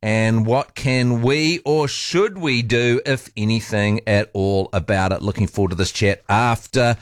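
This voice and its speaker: A man's voice: on the low side, a little slow, no room sound, studio quality. A New Zealand man hosting a talk radio show, chatty and jokey. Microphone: studio microphone.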